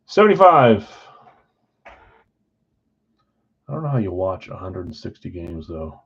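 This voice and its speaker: A tired man yawns his way through hosting a live card break stream, chatting with viewers and calling out which teams they hold. His deep voice swings widely in pitch, runs a little slow and slightly rough, and the highs are cut off. He rambles chattily and talks straight to his audience.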